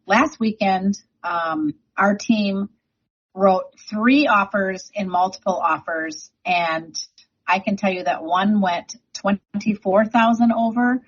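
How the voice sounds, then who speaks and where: Chatty emphatic woman, slightly husky. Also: mid-range voice, takes it slowly, highs cut off. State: frog in her throat. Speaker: real estate agent guest. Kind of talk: radio talk segment.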